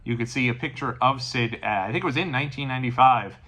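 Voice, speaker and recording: A man in his thirties hosting a wrestling channel, telling a personal story in a casual, animated way, acting out quotes and dropping to quiet asides. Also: medium pitch, fast talker.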